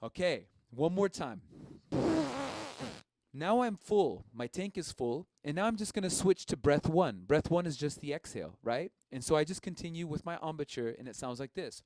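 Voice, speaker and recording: A man's voice: fairly high pitch, animated, normal speed, very noisy. A man casually teaching a live-streamed music lesson, encouraging and explaining each step plainly.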